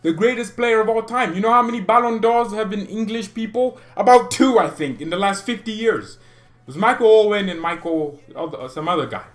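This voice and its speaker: A man's voice: sits high, fairly quick, faint music behind. A man hosting a football fan channel, ranting in an exasperated, sarcastic and mocking way. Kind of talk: ranting commentary to camera.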